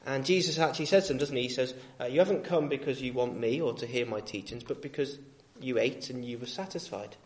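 A male street preacher giving a sermon in a gentle, reasoning tone, with frequent fillers and restarts. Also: mid-range voice, quick pace, hardly any pauses.

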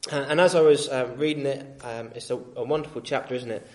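Gentle male preacher, halting delivery. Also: mid-range voice. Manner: gentle, reasoning tone with many fillers and restarts. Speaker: street preacher. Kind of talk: sermon.

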